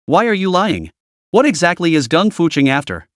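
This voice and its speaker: A man's voice: on the high side, very animated, normal speed, dry recording, studio quality. A man voicing a cunning, relentless male interrogator who presses with rising questions. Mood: pressing.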